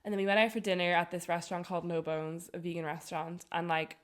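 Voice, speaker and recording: A woman telling a travel story on a podcast, animated and full of laughter. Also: lowish voice, fast. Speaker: podcast co-host. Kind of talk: casual storytelling chat.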